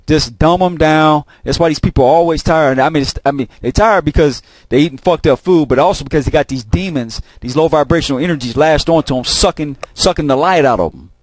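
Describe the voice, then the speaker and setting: A video channel host with a fairly high-pitched voice delivers a casual monologue, rambling, repeating himself and cursing heavily. The sound is dry and close, with no room sound.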